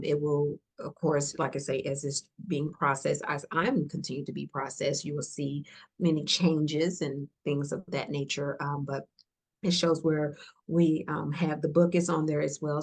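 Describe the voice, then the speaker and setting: Low, husky woman speaking earnestly. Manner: earnest, repetitive, softly emotional, drops to whispers. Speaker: podcast guest. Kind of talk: heartfelt conversational encouragement.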